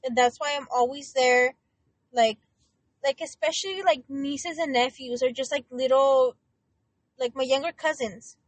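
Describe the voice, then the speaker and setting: A woman co-hosting a podcast in casual talk, animated, swearing and slipping Spanish into her English. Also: sits high, unhurried, no room sound, rough recording. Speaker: podcast co-host.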